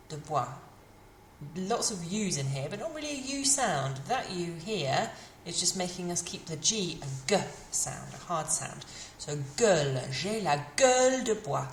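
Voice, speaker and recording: A woman, teaching beginners French idioms and repeating each phrase slowly. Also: on the low side, reverberant, a little hiss or hum. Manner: slow, carefully modelled French phrases between English explanations. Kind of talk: beginner language lesson.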